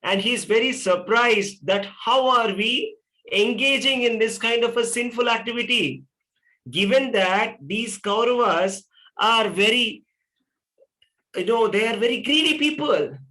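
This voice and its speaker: A middle-aged man gives a scripture lecture in a high, bright voice. He explains patiently and keeps asking rhetorical questions, then answers them himself. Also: lively intonation, a little slow, low-quality recording. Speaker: spiritual teacher.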